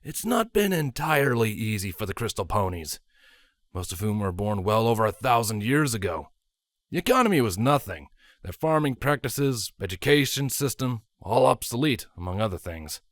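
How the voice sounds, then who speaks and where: Brief: earnest, tired royal stallion, measured delivery, lively pitch, as a male reader puts him on. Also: dry recording, clean studio sound. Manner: measured, sighing explanations. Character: earnest young male prince, weary and serious.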